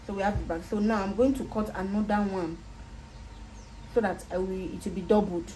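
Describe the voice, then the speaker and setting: A Nigerian woman with a warm, mellow voice guides viewers through a sewing job at an easy pace, repeating each step as she demonstrates it. The sound is roomy and echoey, with a faint hum of background noise in her workspace. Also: mid-range voice, fairly even intonation, a little fast. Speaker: sewing tutor. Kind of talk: casual step-by-step sewing tutorial.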